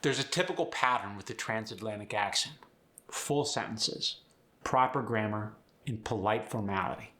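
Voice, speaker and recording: A man's voice: lowish voice, normal speed, sharp tone. A man hosting a pronunciation tutorial, explaining sounds casually and demonstrating words. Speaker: accent coach and host.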